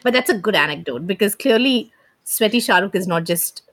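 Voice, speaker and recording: A woman's voice: medium pitch, fairly quick, dry recording. A woman co-hosting a podcast, chatting casually about films and filling her talk with "you know". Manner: relaxed, chatty, many fillers. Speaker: podcast co-host. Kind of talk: casual film chat.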